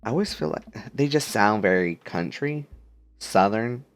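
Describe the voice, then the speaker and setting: A man's voice: on the low side, animated, a little slow. A man hosting a game playthrough, reading the text aloud with joking, playful asides. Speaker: let's play host.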